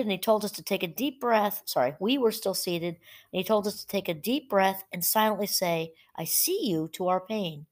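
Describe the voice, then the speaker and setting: A woman talks through mindfulness ideas in a relaxed, conversational way, breaking off for small asides and picking her thread back up. Her voice sits at an ordinary middle pitch, and she reads quoted passages in a steady tone. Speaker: podcast host. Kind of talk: casual solo talk on mindfulness. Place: home.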